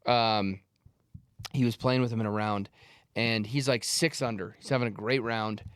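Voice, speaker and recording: A man's voice: on the low side, normal speed, smooth, dry recording, clean studio sound. A young man co-hosting a casual podcast, telling stories with bursts of laughter. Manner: animated storyteller, laughs mid-story. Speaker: podcast co-host. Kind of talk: casual chat.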